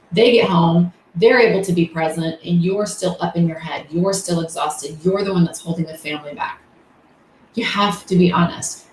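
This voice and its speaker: A middle-aged woman coach talking candidly and casually, full of fillers and rhetorical questions. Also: fairly low pitch. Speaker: coach and host. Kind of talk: casual motivational talk. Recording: echoey room, faint noise.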